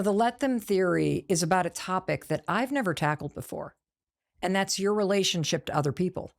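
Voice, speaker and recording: A woman's voice: lowish voice, creaky. A woman author addressing her viewers directly in a vlog, earnest and emphatic. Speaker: author and host.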